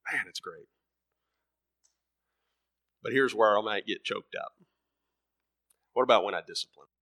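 A man's voice: on the low side, a little slow, no room sound. Emphatic preacher man, dry close sound. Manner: emphatic, repeats words, swings from loud bursts to soft murmurs. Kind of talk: sermon.

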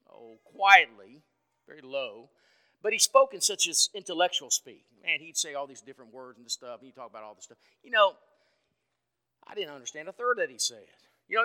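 A man preaching an evening sermon in a folksy, conversational way, asking the congregation questions and swinging from loud to soft. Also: high voice. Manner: dynamic, swings from loud to quiet.

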